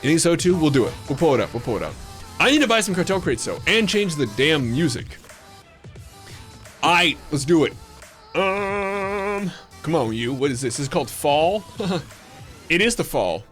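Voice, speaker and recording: A man's voice: a little high, expressive, normal speed, long pauses, a bit bright. A man streaming a game live, chatting casually with viewers in a jokey, rambling, playfully flirtatious way. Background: faint background music.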